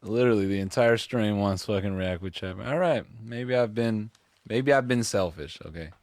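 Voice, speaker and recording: A man's voice: on the low side, moderate pace, a little mellow, no room sound, clean studio sound. Laid-back, laughing male streamer. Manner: laughs often, swears freely, laid-back. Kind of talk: casual reaction stream commentary.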